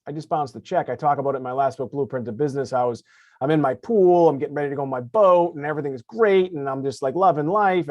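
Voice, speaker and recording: A man's voice: on the high side, darkish tone, dry recording, lo-fi sound. Dry-sounding forties man hosting. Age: 40s. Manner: thinks aloud, restarts often. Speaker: podcast host. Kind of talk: conversational interview.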